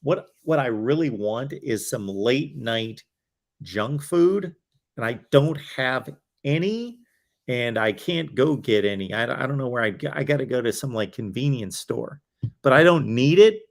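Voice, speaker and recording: A man's voice: mid-range voice, lively intonation, measured pace, vocal fry. Tired, rambling male livestream host. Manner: rambling, chatty, with fillers and self-asides. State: tired, voice wearing out. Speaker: host of a college football livestream. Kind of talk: casual livestream chat.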